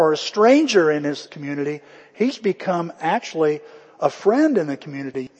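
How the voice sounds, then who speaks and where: A man's voice: sits high, a little mellow, husky, big-room sound, muffled recording. A male pastor preaching a sermon in a conversational storytelling way, acting out the quotes.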